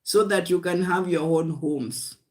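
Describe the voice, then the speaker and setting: Slow, emphatic woman preaching on a livestream. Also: lowish voice. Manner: emphatic, repetitive exhortation, often calling listeners "guys"; speaks in short declarations of faith. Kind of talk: livestream sermon.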